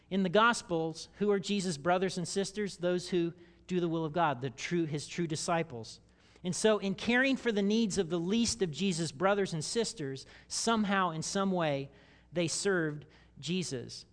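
High-voiced male pastor preaching. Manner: expressive, slows down for emphasis and acts out quoted voices. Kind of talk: sermon.

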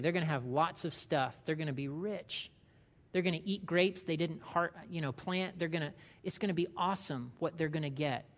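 A man giving a sermon in a chatty, lively way. He checks in with his listeners and reads scripture aloud, speeding up and slowing down to press his points. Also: on the high side, in a large hall. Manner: conversational, asks the room questions, reads scripture aloud. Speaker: pastor.

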